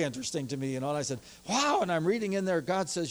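Animated preaching man, somewhat high voice. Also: quick pace. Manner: animated, grows excited when telling stories. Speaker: pastor. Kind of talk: sermon with personal storytelling.

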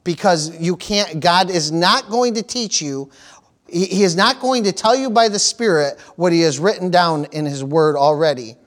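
A pastor with a notably high voice delivers a sermon to his congregation. He works in call-and-response, tossing out amens and praise-the-Lords and hammering his points by repeating phrases. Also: normal speed, fairly bright tone.

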